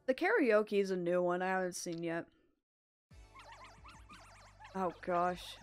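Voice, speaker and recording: With a fairly low voice and a measured pace, a woman hosting a gaming channel talks through her play, laughing often and performing the characters' lines in playful voices. Faint game music can be heard behind her.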